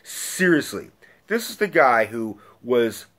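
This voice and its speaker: A man ranting casually about movies, excitable and profane, rambling with frequent restarts and fillers. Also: medium pitch, takes it slowly. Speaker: movie reviewer. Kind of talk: casual rant.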